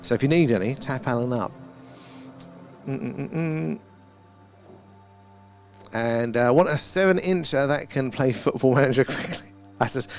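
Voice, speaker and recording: A man's voice: mid-range voice, unhurried, long pauses, soft background music. A middle-aged man hosting a live stream, chatting casually and reading viewer comments, rambling with fillers and frequent laughs.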